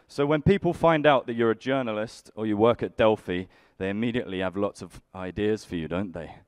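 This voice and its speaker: A young British man doing a stand-up comedy set on a conference stage, with a dry, self-deprecating, deadpan delivery. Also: sits low, normal speed, few pauses, clean tone, no room sound. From United Kingdom. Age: young adult. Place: conference stage before a live audience.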